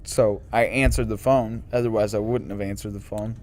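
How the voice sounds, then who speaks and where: A man's voice: on the low side, fairly even intonation, moderate pace, darkish tone, slight background noise. A man from St. Louis, Missouri, co-hosting a podcast in casual, profane, emphatic chat. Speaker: podcast co-host.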